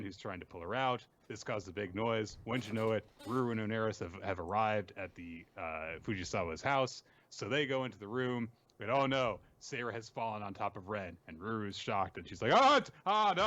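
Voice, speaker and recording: Guy recapping manga chapters, jokey, does silly high voices, kinda dull lo-fi audio. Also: a bit bright. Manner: jokey, puts on high voices for quoted characters. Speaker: podcast host recapping manga. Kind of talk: casual recap chat.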